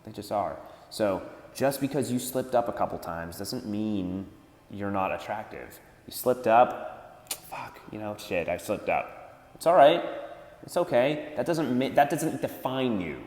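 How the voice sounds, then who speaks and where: A man's voice: on the low side, measured pace, a little mellow. A man giving dating advice in a blunt, profane rant. He swears freely and mocks others in put-on voices. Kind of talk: profane ranting advice monologue. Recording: echoey room with long reverb.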